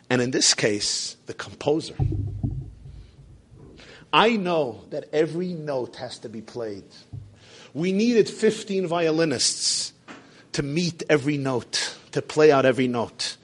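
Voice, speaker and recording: A man voicing an exacting older male conductor who explains himself slowly and calmly in a low voice. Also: heavily acted.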